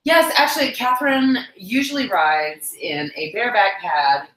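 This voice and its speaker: A woman's voice: mid-range voice, moderate pace, a bit bright, a little hiss or hum. A young woman hosting a casual livestream chat at home, bubbly and scatterbrained, laughing often. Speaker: livestream host. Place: home room while cleaning tack. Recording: echoey room.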